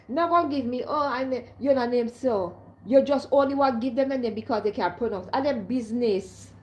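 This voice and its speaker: A woman's voice: high-pitched, dark tone. Emphatic Caribbean woman streamer, slightly muffled. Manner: emphatic, keeps asking "you understand?". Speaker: live streamer. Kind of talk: casual direct-to-camera monologue.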